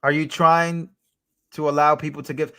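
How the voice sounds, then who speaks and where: A man's voice: a little high, level tone, normal speed, sharp tone, clear, resonant tone. A young man hosting a live stream, chatting casually, reading out chat messages and thanking donors.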